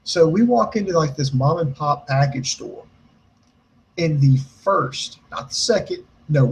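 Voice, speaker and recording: An American man co-hosting a casual show, telling a story in an animated way, swearing a lot and acting out the quotes. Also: a little high, a little hiss or hum, poor audio. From United States. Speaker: podcast co-host.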